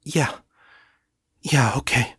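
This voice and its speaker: A man voicing a frightened young succubus woman in an audiobook, her voice shaking as she pleads softly. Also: drawn-out words, no room sound, clean studio sound. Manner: shaky, soft, pleading.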